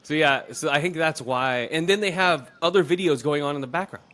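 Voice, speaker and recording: A man's voice: on the high side, brisk, a crowd in the background. A man talking casually as a podcast guest, laid-back, now and then mocking other people's voices. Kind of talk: casual chat.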